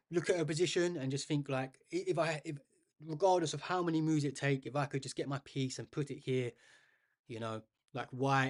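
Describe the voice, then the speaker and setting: A man commentating live on a chess game for a stream, chatting with viewers and thinking aloud as he goes. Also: medium pitch.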